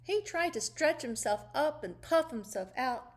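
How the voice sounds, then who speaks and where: A woman reading a children's story aloud, slow and unhurried. Her fairly high voice rises and falls widely in a sing-song, expressive way.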